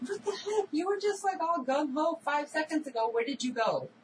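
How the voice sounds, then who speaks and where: Animated woman recapping a show, distant mic. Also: high voice, moderate pace. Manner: animated, acts out characters' lines. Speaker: podcast co-host. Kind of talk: casual episode recap chat. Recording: distant mic with audible background noise.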